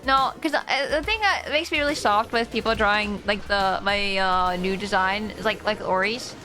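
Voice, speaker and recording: Bright and forceful in tone, a young woman's mid-range voice moves at a moderate pace. She streams a game and chats casually with viewers as music plays behind her. She's emotional and tearful, yet laughs a lot.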